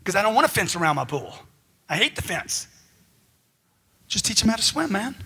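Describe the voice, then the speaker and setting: A man's voice: high voice, big pitch swings, normal speed, creaky, pushed and bright, husky. A man giving a live motivational seminar talk into a handheld mic, emphatic and firing off rhetorical questions. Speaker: motivational speaker.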